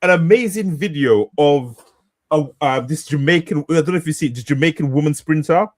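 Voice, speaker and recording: A man's voice: on the high side, brisk. A man co-hosting a casual podcast, rambling through his thoughts. He hesitates and restarts his sentences often, speaking into a studio podcast mic. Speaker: podcast co-host. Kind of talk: casual chat.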